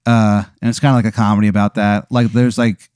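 A man spinning an improvised comic scenario in second person, rambling with many fillers in a deadpan way. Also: lowish voice, quick pace, smooth, no room sound, clean studio sound. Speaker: host running an improvised scenario. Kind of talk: casual comedic storytelling.

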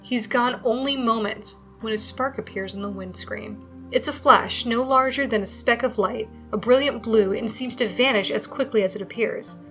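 A woman in her thirties co-hosts a chatty podcast and laughs easily. Her voice sits a little high, and faint music plays underneath. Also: moderate pace, a bit bright. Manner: giggly, chatty, does silly voices. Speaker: podcast co-host. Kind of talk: casual chat and read-out narration.

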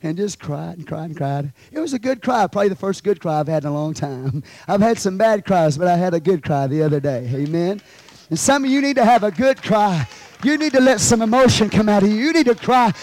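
A man preaching a sermon as pastor, swinging from quiet storytelling to shouted calls to the congregation. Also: high-pitched, expressive, brisk, no echo. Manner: preaching with rising shouts and call-and-response asides.

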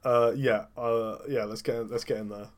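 A man's voice: medium pitch, steady tone. A man playing a tabletop game, bantering in casual chat. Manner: quick, bantering. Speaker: player.

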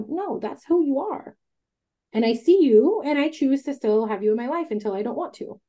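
A woman hosting a candid casual chat, talking emphatically, swearing freely and telling stories in an animated way. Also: fairly high pitch, fairly quick. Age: adult with a child. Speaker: podcast host.

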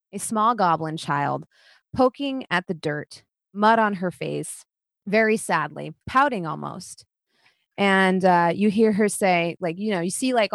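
Woman dungeon master, casual narration, mid pitch, dry. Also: gravelly, no echo. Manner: casual, with many fillers. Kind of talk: narrating a tabletop game.

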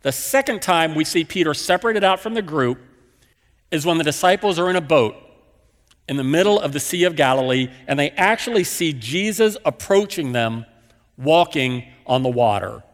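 A man's voice: fairly high pitch, animated, moderate pace, big-room sound. A man preaching a sermon as a pastor, telling the story with emphatic, repeated phrases.

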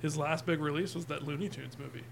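A man's voice: a little high, fairly even intonation, fast, creaky, background noise. A man co-hosting a casual podcast, dropping offhand quips and trivia. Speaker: podcast co-host. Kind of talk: casual chat.

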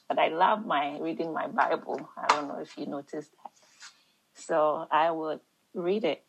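A woman with an African accent leads a church Bible study discussion. She talks haltingly, repeating words and searching for the right ones, then reads scripture aloud. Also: low-pitched, vocal fry, background noise.

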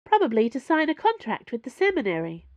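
A woman's voice: a little high, wildly swooping pitch, a little fast, a little mellow, no echo, dull audio, voice pushed up. A woman voicing an awkward, hesitant young woman in a read-aloud story. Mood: nervous.

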